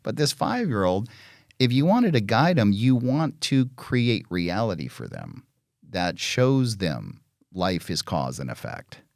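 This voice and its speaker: A blunt, foul-mouthed middle-aged man in casual podcast chat, with a low voice that rises and falls widely as he tells stories. He slips into little parent and child voices along the way. The sound is dry and close, with no room around it. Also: a little slow, creaky, no echo. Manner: blunt, profane, animated storytelling.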